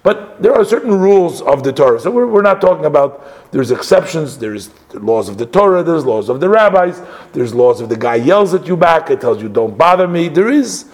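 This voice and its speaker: A man's voice: fairly high pitch, sing-song, normal speed, a little mellow. A man teaching a Torah class, explaining and translating text phrase by phrase in a conversational way with frequent asides. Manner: conversational, translating phrases line by line, many "you know" asides.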